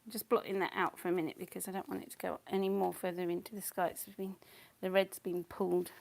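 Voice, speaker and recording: A middle-aged woman, chatting casually and rambling while she paints, often slipping into soft whispers. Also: fairly low pitch, level tone, fast, gravelly. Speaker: painting channel host.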